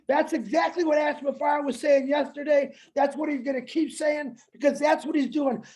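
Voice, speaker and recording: A man co-hosting a livestream, excitable and joking, bursting into shouts. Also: extremely high pitch, a little fast, vocal fry, few pauses. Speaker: co-host. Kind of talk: hyped livestream chat.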